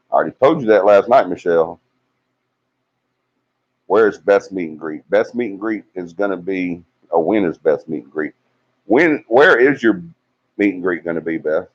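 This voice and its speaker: A man's voice: low-pitched, lively intonation, moderate pace, pauses often. A man hosting a casual livestream, reading out viewer comments and teasing them in a chatty way. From Alabama. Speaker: livestream host. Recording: dull lo-fi livestream audio.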